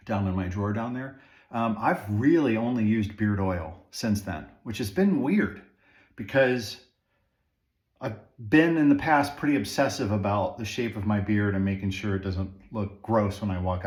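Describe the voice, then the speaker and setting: A man casually talking viewers through trimming his own beard at home, rambling with fillers and asides. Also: fairly low pitch. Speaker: beard-grooming vlogger. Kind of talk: casual how-to talk while trimming. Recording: echoey room.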